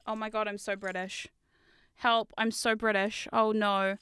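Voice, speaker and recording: A woman streaming from her desk in casual chat, giggly and chatty with loud squealing exclamations, on a close microphone. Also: mid-range voice, flat delivery, unhurried, clean tone, no room sound. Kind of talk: casual chat while building.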